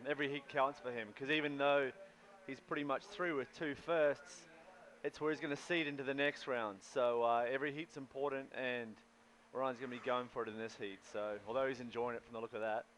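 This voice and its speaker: Easygoing male color commentator with a New Zealand accent, bright tone. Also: mid-range voice, steady tone, brisk, slight background noise. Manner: laid-back, easygoing, says mate. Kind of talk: live sports commentary.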